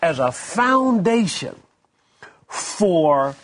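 A man's voice: high-pitched, sing-song, drawn-out words, a bit bright. A man, a minister co-hosting, sharing testimony in casual preaching conversation with many stammered restarts. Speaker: minister co-host.

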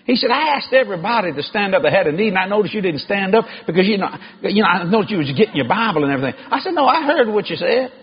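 Male preacher, very high voice, emphatic sermon, dull lo-fi sound with faint hiss. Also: big pitch swings, very fast, few pauses. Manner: emphatic, shouting at peaks. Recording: dull lo-fi recording with faint noise.

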